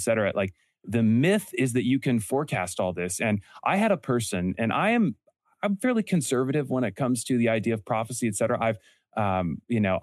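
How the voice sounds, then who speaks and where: Young male guest, lowish pitch, dry close mic, earnest, restarts sentences. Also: no echo. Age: young adult. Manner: earnest storytelling, quick self-corrections. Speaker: podcast host and entrepreneur guest. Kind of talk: casual interview talk.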